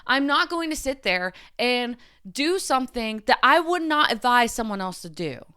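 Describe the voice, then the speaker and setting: A young woman pours out her frustration on her podcast, restarting sentences and repeating herself. Her voice is high, bright and crisp, with sharp climbs and sudden drops. It is recorded dry and close, with no room sound. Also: sing-song, moderate pace, dry recording. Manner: upset, repeats herself, voice rises and falls sharply. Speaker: podcast host. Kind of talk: emotional personal monologue.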